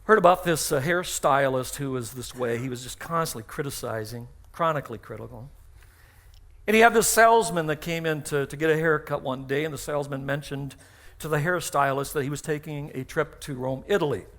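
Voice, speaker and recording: A man's voice: on the high side, brisk, fairly bright tone. A middle-aged man, a pastor, preaching a sermon in a church, telling stories with acted-out dialogue and emphatic repeated phrases. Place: church sanctuary.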